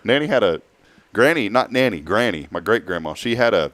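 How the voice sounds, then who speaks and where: A man's voice: fairly low pitch, very animated, brisk, fairly bright tone, no echo. A man hosting a morning talk show, joking and rambling with a laugh. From Georgia. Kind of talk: casual chat.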